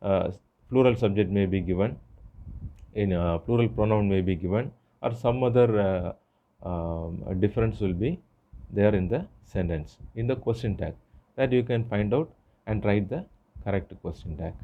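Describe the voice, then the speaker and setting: A man teaching an English grammar lesson, explaining step by step with frequent pauses and fillers. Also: fairly low pitch, phone-quality sound. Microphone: phone screen recorder.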